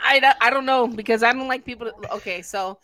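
A woman's voice: fairly high pitch, bright, forceful tone. A woman hosting a casual live-stream chat, blunt and profane, ranting about small annoyances. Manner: blunt, profane, quick to rant. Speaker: host.

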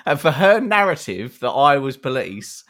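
A man's voice: mid-range voice, big pitch swings, normal speed, a bit bright, slight background noise. A young man, a podcast co-host, telling a long anecdote with lots of fillers and acted-out quotes. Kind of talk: storytelling to a co-host.

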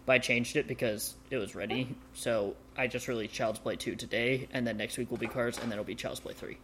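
A man's voice: mid-range voice, steady tone, brisk, a bit bright, slight background noise. A man hosting a casual movie podcast with friends, laughing often. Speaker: podcast host. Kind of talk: casual chat among friends.

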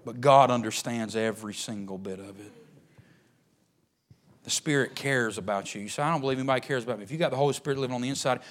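A man preaching a sermon in a folksy, joking way, swinging from low and soft to loud, high shouting. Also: fast talker.

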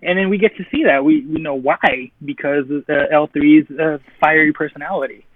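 A man co-hosting a casual movie podcast, enthusiastic, listing things with pauses. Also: a little high. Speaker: podcast co-host. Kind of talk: casual chat. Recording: tinny phone-like line.

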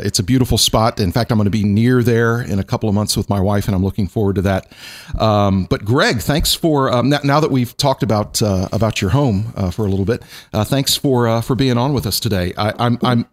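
A man's voice: mid-range voice, a little fast. A man who is a pastor, hosting a casual podcast conversation in a playful, bantering way with frequent restarts.

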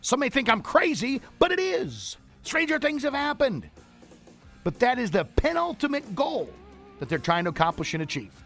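A man's voice: very high voice, wildly swooping pitch, moderate pace, fairly bright tone, soft background music. A man hosting a talk radio hour on business leadership, talking energetically and repeating phrases for emphasis. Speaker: radio show host and leadership coach.

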